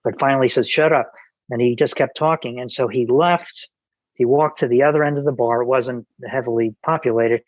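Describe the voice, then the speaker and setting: A man's voice: medium pitch, fairly even intonation, fairly quick, no echo, muffled recording. Rambling man telling a story. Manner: rambling, with frequent restarts and quoted dialogue. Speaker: podcast guest, author. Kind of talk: casual conversational storytelling.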